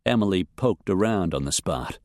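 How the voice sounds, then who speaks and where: Lively low-voiced male audiobook narrator. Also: moderate pace, dry recording, studio quality. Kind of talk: scripted western novel narration.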